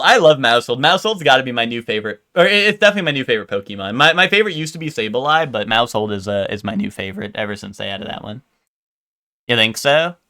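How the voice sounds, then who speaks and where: A young man chats casually on his live stream in a bright, tense voice. He wanders through his stories with plenty of fillers and cursing, and he keeps turning to talk to his viewers. His pitch sits in the ordinary middle range for a man. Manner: rambling storytelling full of fillers and swearing; talks straight to his chat viewers.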